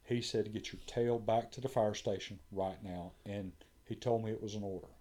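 A man's voice: fairly low pitch, steady tone, brisk, mellow. A man, a firefighter telling a story in casual conversation and acting out what others said.

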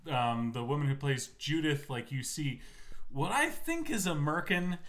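A young man retells a film's scenes on a podcast, his voice bright and edged, pitched a little high. He talks fast and lively, breaking into exaggerated voices for the characters. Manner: animated storyteller, acts out scenes in high silly voices. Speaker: podcast co-host. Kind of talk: casual film discussion.

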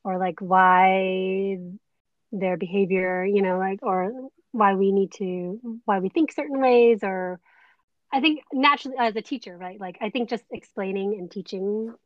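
A woman who works as a teacher, a guest in a casual chat, soft-spoken and laughing lightly. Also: medium pitch, measured pace, no room sound, muffled recording.

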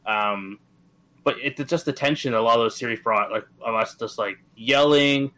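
A man's voice: medium pitch, moderate pace, pushed and bright, poor audio. A man in his thirties from Atlantic Canada, co-hosting a gaming podcast in easygoing casual chat. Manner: easygoing, many fillers and restarts. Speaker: podcast co-host.

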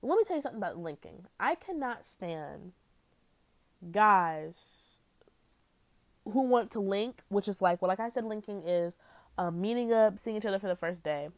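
A woman's voice: mid-range voice, lively intonation, moderate pace, long pauses, no room sound. Blunt, profane young woman vlogging. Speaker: vlogger giving dating advice. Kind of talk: casual vlog monologue.

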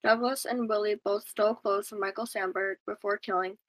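A young woman with a medium-pitched, fairly even voice reads out a true crime case at a brisk clip in a casual chat. She stumbles over names and words and laughs at herself with giggly asides. The audio quality is poor.

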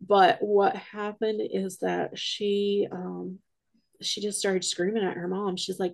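A woman's voice: mid-range voice, little pitch movement, a little slow, creaky. A woman guest on a podcast, a paranormal investigator, telling a rambling story full of quoted dialogue in a casual way.

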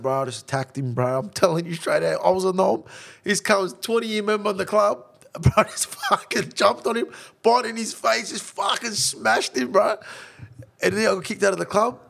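A man's voice: high-pitched, gravelly, fairly bright tone. A man telling blunt, profane stories in a casual interview chat. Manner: blunt, profane, calls listener bro. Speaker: interview guest.

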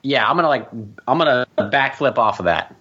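A male player in a tabletop game talks haltingly and sounds unsure of himself. His voice is bright and forceful. It comes through a dull lo-fi mic. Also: mid-range voice, husky.

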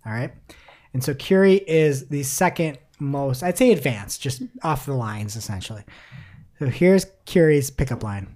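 With an extremely low, mellow, expressive voice, a woman hosting a podcast reads articles aloud at a normal pace. The chat is casual, and she's wry and giggly, breaking into laughter mid-sentence.

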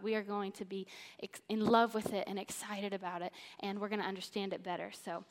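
A woman from Missouri giving an enthusiastic, earnest Bible teaching from a church stage. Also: medium pitch. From Missouri, USA. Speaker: church speaker. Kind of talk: sermon-style Bible teaching. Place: church auditorium. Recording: long church-hall reverb.

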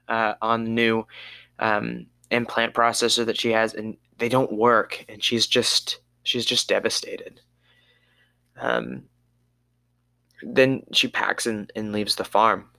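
A man's voice: lowish voice, steady tone, takes it slowly, pauses often, bright, forceful tone, clear, resonant tone, dry recording, clean studio sound. A man co-hosting a podcast, casually recapping a movie in a rambling way and sometimes losing his place. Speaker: podcast co-host.

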